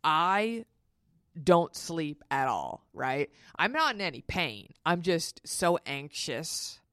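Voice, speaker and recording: Frank low-voiced woman. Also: very animated, a bit bright, no echo, clean studio sound. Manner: frank and profane, quick asides. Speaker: podcast host. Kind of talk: candid personal storytelling.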